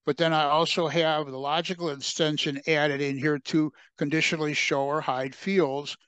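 A man presenting a software demo in a webcast, talking through his screen with frequent fillers and restarts. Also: a little high, little pitch movement, clean tone, dry recording. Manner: halting, many fillers and restarts.

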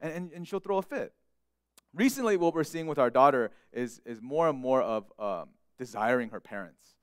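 A man's voice: medium pitch, lively intonation, normal speed, dry recording, studio quality. A young man preaching a sermon as pastor, speaking earnestly and often repeating words as he restarts a thought.

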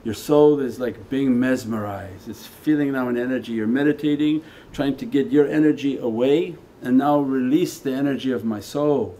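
A man teaching as a Sufi teacher in a spiritual lecture, talking conversationally and moving between quiet asides and emphatic lines. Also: medium pitch, normal speed, hardly any pauses. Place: meditation center hall.

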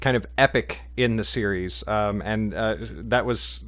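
A man's voice: fairly low pitch, unhurried, a bit bright, no room sound. Rambling, joking podcast host man. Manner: rambling, joking, many fillers. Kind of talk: casual podcast chat.

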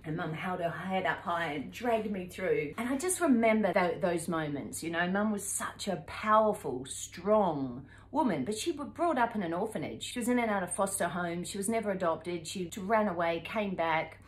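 A woman in her fifties with a New Zealand accent, telling a travel story to camera in a lively, animated way and acting out the voices in it. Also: medium pitch, normal speed, few pauses, roomy sound, poor audio. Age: 50s. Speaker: travel vlogger.

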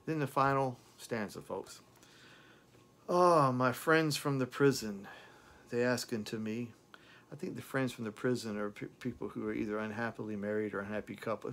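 A man reviewing a song, who recites its lyrics slowly and dramatically and repeats words as he talks. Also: on the low side, creaky. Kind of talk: impassioned lyric recitation and commentary.

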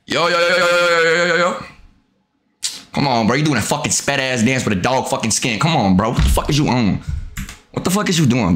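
A young man gives profane live commentary on his game, muttering at times and yelling at others. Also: medium pitch. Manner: profane, swings from mutters to loud outbursts. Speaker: gamer streaming his play. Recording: echoey room with clear noise.

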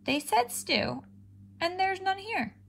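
A woman's voice: very high-pitched, lively intonation, slow pace, gravelly, a bit bright, pitched above the performer's own voice, exaggerated voice. A woman voicing a puzzled young male cat in a read-aloud storybook, in a lightly raised, wondering voice.

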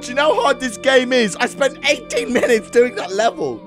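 A man giving excitable gameplay commentary, with loud yelps and sudden jumps between high and low. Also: normal speed. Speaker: gaming YouTuber. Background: game music.

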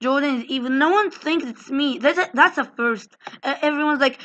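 A woman's voice: sits high, moderate pace, few pauses, fairly bright tone. A woman hosting a casual multiplayer game video, joking and laughing as she plays and talks to viewers. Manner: giggly, jokey, talks to viewers. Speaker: gaming channel host. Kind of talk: casual let's-play chat.

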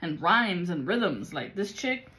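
A woman's voice: on the low side, big pitch swings, slow pace, bright, forceful tone. A woman giving a casual spiritual reading, blunt and full of profanity and street slang. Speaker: psychic reader.

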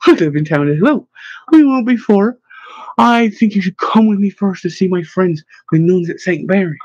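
A man playing a bumbling, good-natured lad, eager and a touch raised in pitch, husky and dry. The recording has a slightly muffled quality. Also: animated, normal speed, darkish tone, dry recording. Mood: earnest. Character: clumsy, kindly young man. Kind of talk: audiobook narration.

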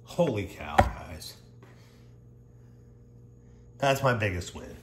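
Male vlogger, lower voice, overwhelmed and tearful, excitable exclaiming, echoey room, audible noise behind. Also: takes it slowly. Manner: exclaiming, emotional, rambling, addressing viewers as y'all. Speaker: scratch-off ticket vlogger. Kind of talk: excited casual commentary.

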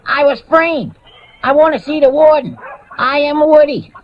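A man's voice: extremely high pitch, normal speed, voice pushed up. A man doing a frantic caged prisoner. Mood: panicked. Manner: panicky, pleading. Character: frantic locked-up prisoner pleading innocence. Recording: muffled noisy 1980s TV broadcast.

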